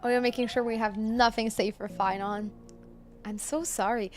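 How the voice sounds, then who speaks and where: A woman's voice: a little high, fairly even intonation, normal speed, a little mellow, faint music behind. A woman streaming a game, chatting casually with viewers, apologetic and laughing often. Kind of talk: casual live-stream chat.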